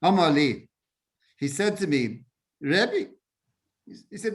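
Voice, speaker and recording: Rabbi teaching, stammering repeats. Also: male voice, on the high side, expressive, slow pace. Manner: repeats words often while searching for phrasing; mixes Hebrew and Yiddish terms into English. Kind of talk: informal Torah lesson.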